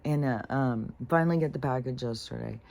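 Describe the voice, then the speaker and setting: A woman's voice: rumbling low, a little fast, vocal fry, darkish tone. Rambling woman venting with heavy swearing. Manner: rambling, swears a lot, many fillers; irritated, frustrated. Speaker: spiritual vlogger. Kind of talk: casual venting monologue.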